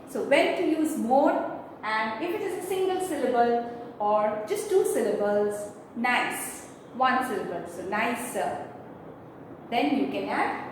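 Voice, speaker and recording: A woman teaching a grammar lesson, explaining step by step and spelling out letters. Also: fairly high pitch. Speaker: English teacher. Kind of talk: slow classroom grammar lesson. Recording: echoey room, mic far off, faint noise.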